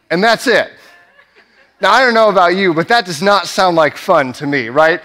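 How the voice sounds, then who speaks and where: Young male pastor, slightly high voice, earnest storyteller with frequent "right?" check-ins. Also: moderate pace, bright, forceful tone. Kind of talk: sermon. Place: church sanctuary.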